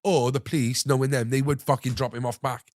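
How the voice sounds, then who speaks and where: A young man hosting a podcast, telling an animated story full of swearing and acting out what others said. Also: medium pitch, fairly quick, no room sound, studio quality. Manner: animated anecdote-telling, swears freely, acts out others' lines. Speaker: podcast host. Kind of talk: casual storytelling chat.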